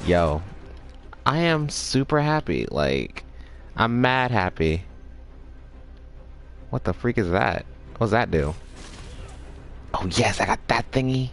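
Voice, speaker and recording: A man streaming a game, chatting casually in an excitable, slangy way with some swearing. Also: on the low side, measured pace, vocal fry, long pauses, soft background music. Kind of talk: casual gaming stream chat.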